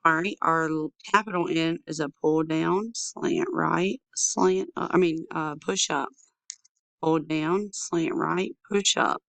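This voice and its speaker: A woman teaching a young children's phonics lesson, sounding out letters slowly and repeating handwriting chants. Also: deep voice, fairly even intonation, gravelly, a bit bright, dry recording. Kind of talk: early-years phonics lesson.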